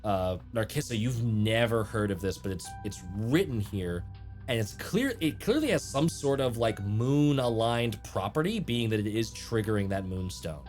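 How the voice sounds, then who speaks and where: A man narrating as game master of a tabletop game, relaxed and conversational, sometimes tripping over invented words. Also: fairly low pitch, moderate pace, faint music behind.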